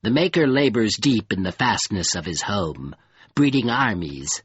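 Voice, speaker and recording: A man voicing a fearful, pleading creature of living mud in an audiobook, with a cold, dusky, halting voice. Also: fairly low pitch, big pitch swings, breathy edge, no echo, dull audio, exaggerated voice. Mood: mournful. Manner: halting, grave, faltering. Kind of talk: audiobook character voice.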